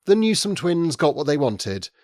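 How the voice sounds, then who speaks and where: A man reading a novel aloud as audiobook narrator, in measured, wry scripted narration. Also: a little high, sing-song, a little mellow, dry recording, clean studio sound.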